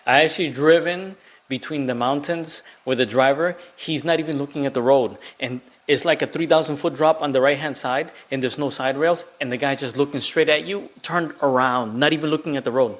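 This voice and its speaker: A man's voice: fairly high pitch, brisk, fairly bright tone. Man, Colombian accent, chatty, long-winded, casual commentary. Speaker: reaction video host.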